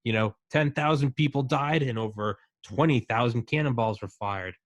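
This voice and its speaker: A man in casual chat, talking excitedly and rambling with lots of fillers. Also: medium pitch, normal speed, no room sound, dull audio.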